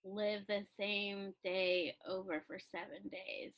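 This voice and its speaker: A woman's voice: medium pitch, little pitch movement, takes it slowly, a bit bright, low-quality recording. A young woman chatting casually in an interview about her calligraphy business, laughing often and filling her talk with "like".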